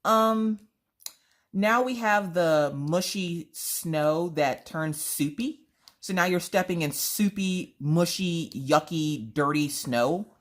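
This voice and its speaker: A woman vlogger telling animated, theatrical stories in casual chat while she crafts. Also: fairly low pitch, slow.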